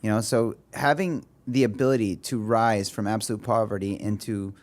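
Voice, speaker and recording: A man's voice: fairly low pitch, steady tone, moderate pace, a little mellow. A man born in Egypt hosts a casual podcast. He talks in an easygoing, storytelling way and sometimes halts and restarts. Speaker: podcast host.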